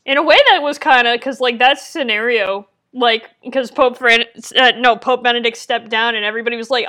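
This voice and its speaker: Podcast woman, kinda high voice, chatty and keen. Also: fairly even intonation, a little fast, hardly any pauses, pushed and bright. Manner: chatty, enthusiastic opinions. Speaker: podcast co-host. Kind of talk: casual chat.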